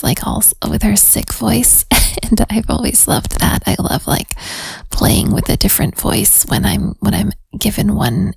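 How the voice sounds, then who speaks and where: A woman talking in a sick, hoarse voice in whispered casual chat, rambling and giggly as she thanks her listeners. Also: mid-range voice, no echo, low-quality recording. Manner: rambling, giggly, warm-hearted. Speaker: audio role-play creator.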